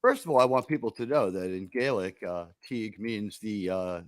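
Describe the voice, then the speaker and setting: A man's voice: lowish voice, normal speed, dry recording. A man on a panel show, talking about films in a wry, mock-earnest way. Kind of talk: casual panel chat.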